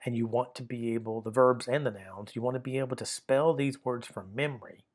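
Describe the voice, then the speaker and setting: A middle-aged man teaching a grammar lesson in a patient, repetitive way, often restarting his sentences and filling pauses with "uh". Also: medium pitch, steady tone. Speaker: Greek teacher. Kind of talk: recorded lesson explaining grammar.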